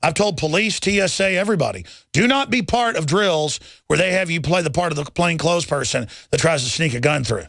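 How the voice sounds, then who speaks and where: A man's voice: fairly high pitch, lively intonation, brisk, gravelly, few pauses, a bit bright, no room sound, studio quality. A man hosting a talk radio show, ranting in a rambling, heated way with many restarts before taking calls. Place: radio studio.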